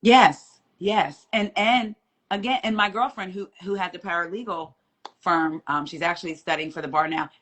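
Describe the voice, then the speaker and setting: Woman, low-ish voice, chatty live-stream guest, lively storyteller who mimics quoted voices. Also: normal speed. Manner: animated retelling, acting out quoted voices. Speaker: guest courtroom reporter.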